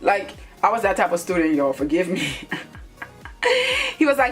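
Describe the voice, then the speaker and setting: A woman's voice: lowish voice, lively intonation, normal speed, faint music behind. A young woman from Liberia telling a casual storytime to her viewers, blunt and profane, speaking straight to them. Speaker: YouTuber.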